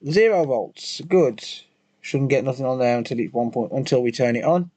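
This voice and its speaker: A man's voice: medium pitch, moderate pace, dark tone. A man chatting casually on a live repair stream, joking, swearing and answering his chat as he works.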